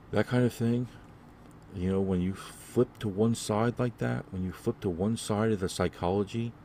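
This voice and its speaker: A man's voice: low voice, warm tone, a little hiss or hum. A man hosting his own podcast, talking alone in a rambling, repetitive way with many fillers. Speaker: podcast host. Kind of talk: solo casual podcast monologue.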